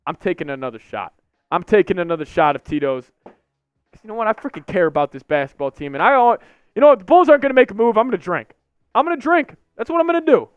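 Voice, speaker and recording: A man's voice: high-pitched, clear, resonant tone, no echo. A young man hosting a live sports stream, ranting in frustration and repeating himself. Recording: slightly dull lo-fi stream audio.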